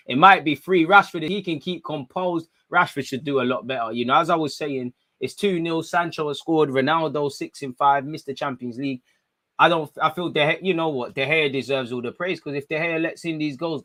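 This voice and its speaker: A young man, giving casual, excitable live commentary to viewers during a football watchalong stream, talking in slangy street speech. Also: medium pitch.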